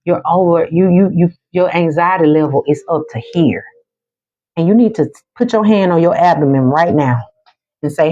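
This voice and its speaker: A woman reading spiritual cards on a livestream, talking to her chat in an emphatic, repetitive way that slows for calming affirmations. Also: lowish voice. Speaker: spiritual card reader on a livestream. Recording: dull lo-fi sound.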